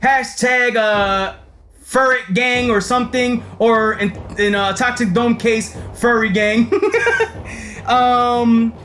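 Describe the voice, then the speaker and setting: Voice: medium pitch, fairly even intonation, slow, fairly bright tone, a little hiss or hum. A game streamer giving casual gameplay commentary, rambling, swearing freely and laughing often.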